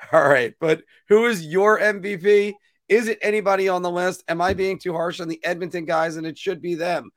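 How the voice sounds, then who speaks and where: A man's voice: high voice, steady tone, normal speed, fairly bright tone, no room sound, clean studio sound. A man co-hosting a casual hockey podcast, laughing at his own slips and mocking himself as he talks. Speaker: podcast co-host.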